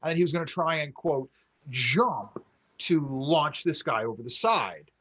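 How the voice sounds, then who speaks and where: Male podcast co-host, animated storyteller, high-ish voice that swings widely. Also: a little slow, husky, poor audio. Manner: animated storyteller, acts out quotes with rising excitement. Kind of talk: casual storytelling chat.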